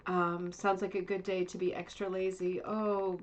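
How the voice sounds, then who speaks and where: A woman's voice: lowish voice, flat delivery, moderate pace, slight background noise. A middle-aged woman hosting a casual livestream chat from home, chatty, rambling and self-deprecating. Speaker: livestream host. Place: home, Indiana.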